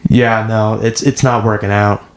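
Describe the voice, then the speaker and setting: A man's voice: fairly low pitch, flat delivery, normal speed, a little hiss or hum. A young man co-hosting a podcast in casual chat, laid-back, laughing often, with short dry replies. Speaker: podcast co-host. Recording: roomy echo.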